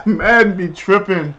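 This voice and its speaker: Animated, high-voiced male game streamer. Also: dull audio. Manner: animated storyteller, slangy and chatty. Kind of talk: casual live-stream chat while gaming.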